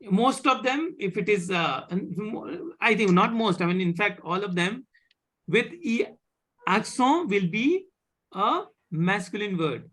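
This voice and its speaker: A French teacher from India leads a live beginner class over a video call, patiently repeating points and often asking whether students follow. The voice is a little husky and fairly bright, slow in delivery, with lively intonation that rises and falls a lot.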